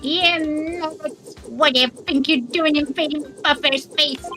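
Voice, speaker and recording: Woman doing a high, barking drill-sergeant drone. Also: takes it slowly, crowd noise. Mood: barking orders. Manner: gruff military barking, insulting. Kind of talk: fan voice-over of a game.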